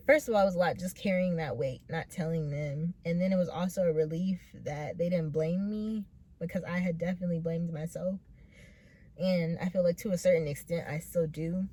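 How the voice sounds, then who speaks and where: Low-voiced young woman, hesitant. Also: warm tone. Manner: hesitant, full of pauses and "like" fillers; earnest and emotional, close to tears. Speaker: vlogger telling her own story. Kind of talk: personal storytelling.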